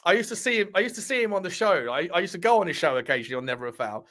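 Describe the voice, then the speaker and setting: A chatty man hosts a casual live stream, rambling and bantering with viewers. His voice sits a bit high for a man, and he laughs often as he talks. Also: expressive, rapid-fire, fairly bright tone. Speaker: livestream host reading chat.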